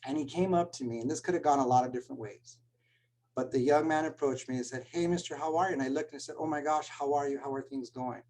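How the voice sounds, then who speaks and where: A man's voice: medium pitch, steady tone, quick pace, darkish tone, a little hiss or hum, poor audio. A man, a school administrator, speaking earnestly in a webinar talk and telling stories about students. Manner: earnest storytelling, gets choked up.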